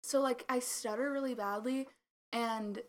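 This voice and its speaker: A woman's voice: a little high, steady tone, a little slow. A young woman co-hosting a podcast in casual chat, rambling with lots of filler words and a slight mumble. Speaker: podcast co-host.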